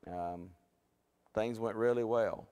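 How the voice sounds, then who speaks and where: A man's voice: fairly low pitch, slow, darkish tone, clear, resonant tone. A man teaching a Bible study in a church, folksy and conversational with many restarts. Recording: long church hall reverb.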